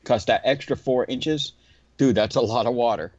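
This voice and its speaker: A man's voice: medium pitch, normal speed, dry recording, lo-fi sound. A man who cleans windows, chatting casually on a podcast, telling a story and acting out the people in it. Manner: animated, swearing, acts out quotes.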